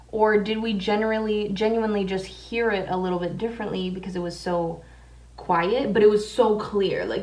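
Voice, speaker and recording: A woman's voice: medium pitch, far from the mic. A young woman vlogger telling a story casually, with lots of swearing and fillers while she does her makeup. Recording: echoey room, voice away from mic.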